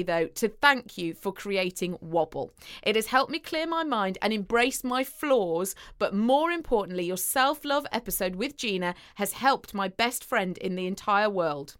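Bright-voiced woman podcast co-host. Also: medium pitch, clear, resonant tone. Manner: warm-hearted, laughing, reads letters aloud. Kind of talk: casual chat.

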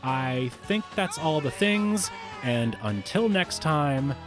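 A man from Atlanta, hosting a podcast, narrating in a clear, conversational storytelling manner. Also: a little high, lively intonation, takes it slowly, music in the background. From Atlanta, USA. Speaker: podcast host. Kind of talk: scripted narration.

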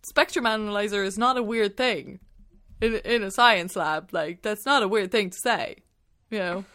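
A woman's voice: mid-range voice, normal speed, bright, forceful tone. A woman co-hosting a casual movie review podcast, rambling with lots of "like" and swearing when annoyed. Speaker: podcast co-host.

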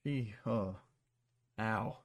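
A man's voice: lowish voice, extremely slow, no echo, clean studio sound. A man hosting a podcast, rambling through a casual plot recap full of swearing and fillers. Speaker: podcast host. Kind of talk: casual chat.

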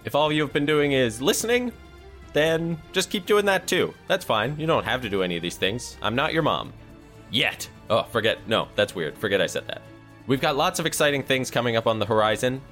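A man's voice: mid-range voice, lively intonation, fairly quick, a bit bright, faint music behind. A man acting as dungeon master and host, narrating a tabletop game in a loose, chatty way with jokes and fillers.

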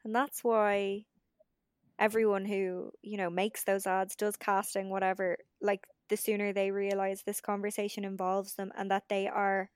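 A woman's voice: mid-range voice, level tone, clear, resonant tone, no echo, clean studio sound. A woman hosting a casual podcast conversation, agreeing readily and building on her guest's points. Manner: agreeable, quick affirming replies.

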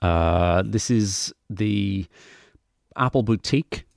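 A man with a low, gravelly voice co-hosts a podcast, telling stories haltingly and dropping dry, wry remarks. His voice has a lot of fry. The sound is dry and close, with no room around it. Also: no echo. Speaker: podcast co-host. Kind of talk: casual chat.

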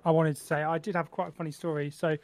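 A man's voice: a little high, level tone, fast talker, crowd noise. Rambling man hosting a podcast. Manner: rambling, swears often, many fillers. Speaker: podcast host. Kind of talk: casual chat.

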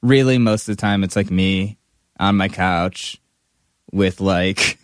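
A man's voice: deep voice, slow pace, no room sound, studio quality. A man co-hosting a podcast in casual chat, rambling and self-deprecating, filling his talk with "like". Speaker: podcast co-host.

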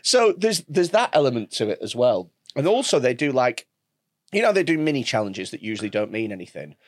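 Animated, sweary man. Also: medium pitch, fairly quick, no room sound, clean studio sound. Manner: sweary, animated storytelling with voiced impressions. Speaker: podcast host. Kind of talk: casual chat.

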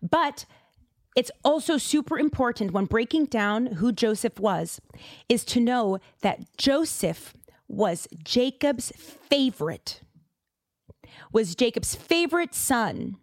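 A woman's voice: on the high side, slow pace, no room sound. Host: chatty woman from Boston, casual podcast talk with a dry, close sound. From Boston, USA. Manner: chatty and animated, with lots of fillers and side remarks.

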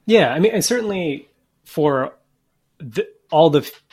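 A man's voice: a little high, animated, unhurried, darkish tone, breathy edge. A man, a comedian guest on a podcast, making mock-earnest suggestions in a dry manner. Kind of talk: casual comedy podcast chat.

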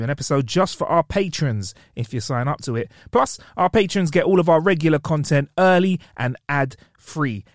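A man's voice: a little high, no room sound, clean studio sound. A man co-hosting a comedy podcast, joking around in a casual chat and laughing often. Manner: jokey, animated, laughs often. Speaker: podcast co-host.

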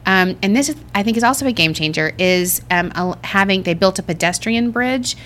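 A woman co-hosting a casual podcast, chatty and excitable, with lots of fillers and restarts. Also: medium pitch, brisk. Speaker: podcast co-host. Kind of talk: casual chat.

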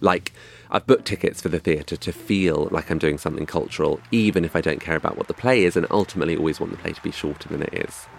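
A man's voice: extremely low pitch, fast, vocal fry, slight background noise. A young man from England telling a scripted comic story in a wry, dry, self-mocking way. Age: young adult.

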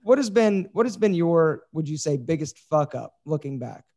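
A man's voice: a little high, big pitch swings, moderate pace, warm tone. A man hosting a podcast, asking questions in a loose, casual way and swearing freely. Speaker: podcast host. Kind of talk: casual interview chat.

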